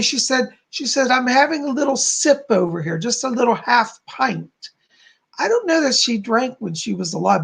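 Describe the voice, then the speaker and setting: Gravelly-voiced male psychic medium. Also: sits high. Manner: warm, reassuring, calls viewers darling. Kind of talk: live-stream readings.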